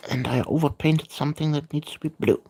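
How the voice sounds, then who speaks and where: A woman chatting casually on a livestream while painting miniatures, hesitant and full of filler pauses. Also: sits low, fairly even intonation, dark tone, breathy edge.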